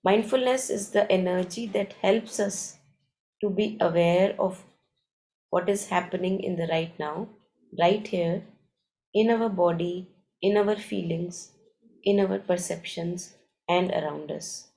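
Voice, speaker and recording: A woman leading a morning meditation, reading passages aloud and reflecting on them in a calm, unhurried, thoughtful way. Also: lowish voice, creaky, low-quality recording. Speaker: meditation session leader.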